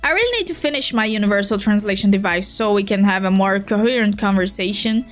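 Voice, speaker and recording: A woman with a Brazilian Portuguese accent voicing an overly polite, formal male gentleman who talks at length, reading from a webcomic. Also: medium pitch, expressive, fast, soft background music, natural voice. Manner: prim, courteous, long-winded.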